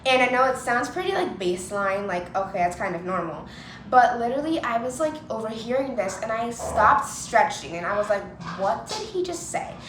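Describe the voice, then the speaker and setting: A woman's voice: a little high, expressive, a little fast. A young woman vlogger telling personal stories in a casual, chatty way, full of "like", and acting out what people said. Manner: chatty, lots of "like", acts out quoted voices. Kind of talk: casual storytelling to camera. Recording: echoey room with clear ambient noise.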